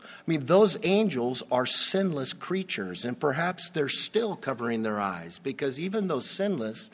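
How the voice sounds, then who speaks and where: Slow, emphatic male preacher. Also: medium pitch, big pitch swings. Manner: slow, emphatic preaching with dramatic pauses and surges in volume. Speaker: pastor. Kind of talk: sermon.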